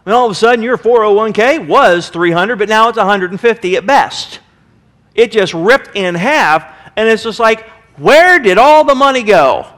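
A man preaching a sermon as pastor, passionate and animated, acting out the people in his story. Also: high voice, moderate pace. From United States. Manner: impassioned preaching, acting out quoted voices.

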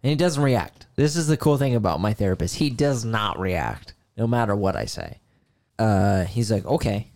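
A man with a low, gravelly voice tells a personal story on a podcast, earnest and candid. The sound is dry and close, with no room around it. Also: sing-song, moderate pace, darkish tone, no room sound. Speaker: podcast co-host. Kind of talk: casual podcast conversation.

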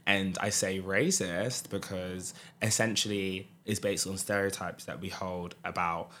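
A man's voice: low voice, fairly even intonation, a little slow, a bit bright, slight background noise. A young man with a Southern English accent, explaining his points earnestly in a casual podcast discussion. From England. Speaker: podcast guest.

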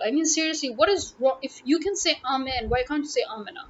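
A woman's voice: high-pitched, quick pace. A woman from Pakistan with a Pakistani English accent, talking casually to camera, exasperated and firing rhetorical questions. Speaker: vlogger. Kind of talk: casual opinion monologue. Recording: dull lo-fi audio with faint noise.

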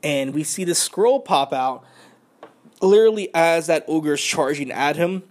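A man on a podcast, excitedly recapping an anime episode in slangy, profane casual talk with lots of filler words. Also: fairly high pitch, measured pace. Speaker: podcast host.

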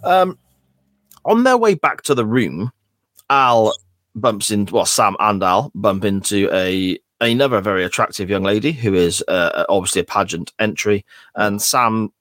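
A man co-hosting a podcast, calmly retelling the story step by step. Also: lowish voice, unhurried, no room sound, clean studio sound. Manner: steady, methodical retelling with small restarts. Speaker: podcast co-host. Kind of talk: casual recap chat.

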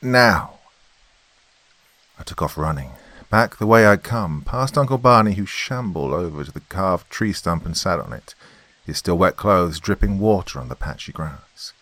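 A man with a very deep, low voice reads a first-person horror story. His delivery is tense and dramatic, and the sound is dry and close with no room echo. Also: animated, normal speed, a bit bright. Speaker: narrator.

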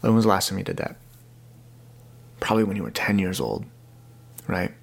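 A man's voice: low voice, big pitch swings, moderate pace, gravelly. A young man hosting his own podcast in a casual, rambling, earnest way, often repeating words as he talks. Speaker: podcast host. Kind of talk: casual solo podcast talk.

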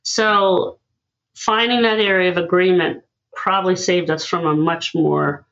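A woman tells stories in an animated, conversational way and voices the people in them. The recording sounds slightly dull and lo-fi. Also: fairly low pitch, a little slow. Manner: animated, acts out dialogue in her stories. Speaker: guest, listening expert. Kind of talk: conversational storytelling.

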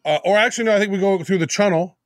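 A man's voice: high voice, no room sound, studio quality. A man guesting on a podcast, talking casually and teasing his co-host as he tells of upcoming trips. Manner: quick, teasing storyteller.

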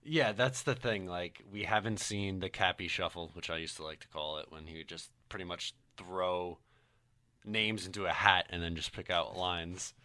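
A man co-hosting a casual sports podcast, talking in a measured, analytical way. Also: low-pitched, fairly even intonation, sharp tone, no room sound, studio quality. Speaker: podcast co-host.

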